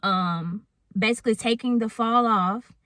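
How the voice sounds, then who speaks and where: A woman's voice: on the high side, unhurried, fairly bright tone, no room sound. A woman in her twenties telling a candid storytime to camera, chatty and casual, often calling her viewers y'all. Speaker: vlogger. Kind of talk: storytime vlog talking to camera.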